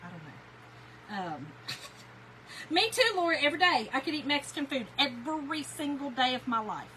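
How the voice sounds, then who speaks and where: A middle-aged Southern woman from Kentucky talks casually to her livestream viewers, spinning folksy stories with plenty of slang. Her voice sits a little high and sounds bright. A faint hum of ambience runs underneath. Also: lively intonation, a little fast, rough recording. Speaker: crafting livestream host. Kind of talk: casual chat reading live comments.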